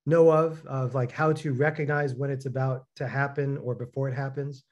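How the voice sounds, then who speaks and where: A man's voice: mid-range voice, normal speed. A man co-hosting a casual talk, telling stories with lots of fillers and acting out the people he quotes. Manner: animated storyteller, acts out quoted dialogue, many fillers.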